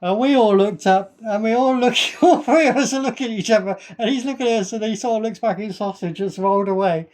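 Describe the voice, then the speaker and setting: Animated man telling a story. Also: high voice, quick pace, hardly any pauses. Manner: animated, builds stories to a punchline. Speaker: podcast co-host. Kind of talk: casual storytelling chat.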